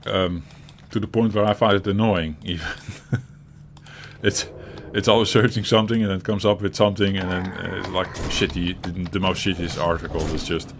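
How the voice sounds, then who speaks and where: A man's voice: low voice, steady tone, normal speed. A man with a Dutch accent chatting casually as a show co-host, rambling and chuckling often, with many restarts and some swearing. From Netherlands. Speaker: co-host of a gaming chat show. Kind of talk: casual chat. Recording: audible typing and background noise.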